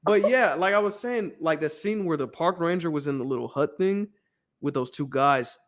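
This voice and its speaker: A man's voice: on the high side, moderate pace. A man with a Southern American accent co-hosting a casual movie review podcast, rambling, laughing often and acting out scenes. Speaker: podcast co-host.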